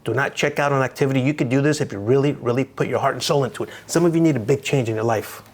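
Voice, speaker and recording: An American man teaching real estate in an energetic recorded lecture, punchy and repeating key phrases straight to his students. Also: mid-range voice, rapid-fire.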